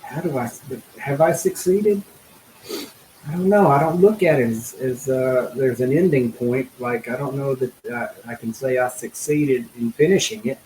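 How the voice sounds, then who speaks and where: A middle-aged man speaking as a guest in an interview, telling a personal story in an earnest, halting way, full of fillers and restarts. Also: medium pitch, a little mellow, echoey room, slight background noise, poor audio.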